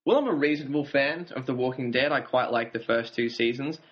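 On dull lo-fi audio, a man co-hosts a casual TV review podcast, recapping the plot and chuckling now and then. He speaks a little fast at a medium pitch.

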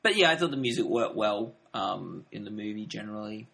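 A man's voice: lowish voice, animated, fairly quick, creaky, bright, forceful tone. A man co-hosting a casual film review podcast, rambling and acting out quotes from the movie. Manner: rambling, acts out quotes with filler words.

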